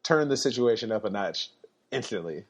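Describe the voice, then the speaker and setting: A man's voice: on the low side, expressive, fairly quick, slightly rough. A man telling a story in a laid-back way on a podcast, laughing now and then. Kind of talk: casual storytelling.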